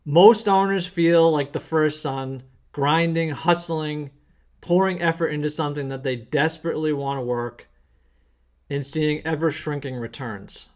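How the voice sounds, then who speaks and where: A man who works as an accountant, teaching small business owners through an earnest, plain-spoken story. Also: fairly high pitch. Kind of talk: storytelling lesson.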